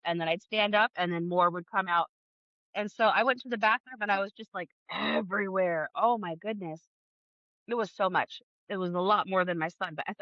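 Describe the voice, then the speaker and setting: A woman in her thirties, a podcast guest, telling her birth story in a casual, animated way, acting out the people she quotes. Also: mid-range voice, dry recording, dull audio. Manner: animated, acts out quoted dialogue, laughs often.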